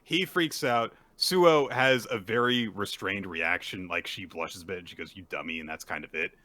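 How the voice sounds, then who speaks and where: A man casually recapping a manga chapter on a podcast, animated and playfully acting out the characters in quick silly voices. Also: on the low side, dry recording. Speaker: podcast co-host.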